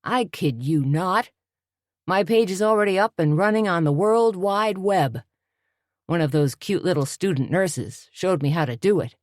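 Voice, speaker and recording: A woman puts on a scruffy, dim-witted schemer with a folksy, slangy drawl, pitched up above her own voice. He sounds lively and sure of himself. The audiobook recording is dry and close. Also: a little slow, no echo. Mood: boastful.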